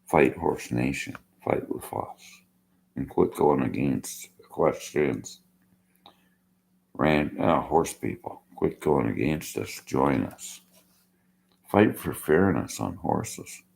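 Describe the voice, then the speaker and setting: Very deep, gravelly older man. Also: sing-song, slow pace, a little mellow. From Canada. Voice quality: slurred-sounding speech. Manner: bitter, argumentative. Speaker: vlogger. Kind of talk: rambling rant to camera.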